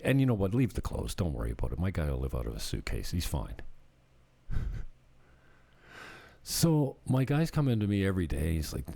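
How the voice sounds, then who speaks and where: A low-pitched man with a dark, mellow tone, talking loosely as a realtor on his own channel. His voice swings up and down a lot as he spins a rambling, jokey anecdote. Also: very animated, moderate pace, gravelly. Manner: rambling, jokey storytelling with laughs. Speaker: real estate agent. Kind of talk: casual vlog chat.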